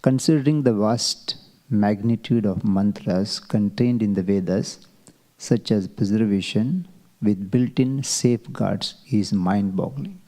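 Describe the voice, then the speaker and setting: A man teaching a Vedic chanting class, explaining slowly and asking rhetorical questions. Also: medium pitch, mellow. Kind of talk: classroom lecture.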